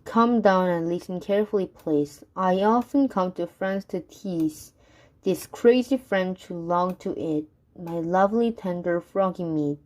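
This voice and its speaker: A woman voicing a cool, boastful male magic toad in a storybook reading, calm and unhurried. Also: fairly low pitch, lightly acted, low-quality recording.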